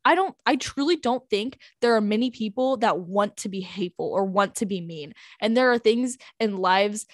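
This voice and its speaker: An earnest eighteen-year-old woman chats into a close podcast mic, her talk full of "like" and "um". Her voice sits at an ordinary middle pitch and sounds dry, with no room around it. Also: animated, moderate pace, no echo. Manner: earnest, chatty, with frequent "like" and "um" fillers. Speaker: podcast co-host. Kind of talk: casual faith podcast talk.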